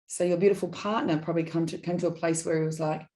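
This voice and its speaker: A middle-aged woman, a podcast guest, telling personal stories in an animated, digressive way and acting out quoted dialogue. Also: fairly low pitch, fast. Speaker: guest, business consultant. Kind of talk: candid personal storytelling in a podcast interview.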